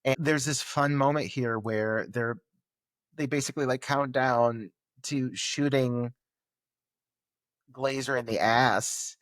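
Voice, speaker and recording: A man co-hosts a film podcast in relaxed conversation, quick to laugh and easily excited. His voice sits at an ordinary middle pitch. The recording is close and dry. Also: dry recording. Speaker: podcast co-host. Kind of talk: casual film recap chat.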